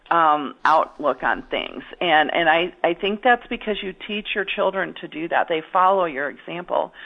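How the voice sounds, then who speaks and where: A woman's voice: fairly low pitch, phone-quality sound. A middle-aged woman comedian chatting in an interview, rambling and self-deprecating with lots of restarts. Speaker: stand-up comedian guest. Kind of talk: casual interview chat.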